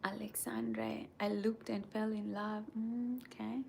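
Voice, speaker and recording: A woman hosting her channel in a casual motivational chat, reading viewer comments and often checking in with "right?" in a soft, breathy near-whisper. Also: on the high side, level tone, slow, a little hiss or hum. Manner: earnest, repeats "right?" and "okay?" to check in with viewers. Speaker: channel host.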